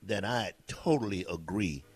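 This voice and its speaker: A man's voice: deep voice, moderate pace, husky. A man co-hosting a morning radio show, joking and teasing in playful banter. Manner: playful and teasing, swooping into mock voices. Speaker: radio co-host. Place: radio studio. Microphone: studio microphone.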